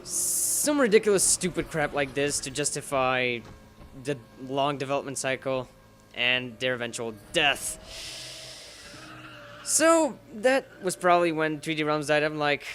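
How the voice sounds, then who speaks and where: A man's voice: on the high side, expressive, unhurried, fairly bright tone, a little hiss or hum. A man giving casual, rambling playthrough commentary, sarcastic, with sudden emphatic bursts. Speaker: gaming YouTuber.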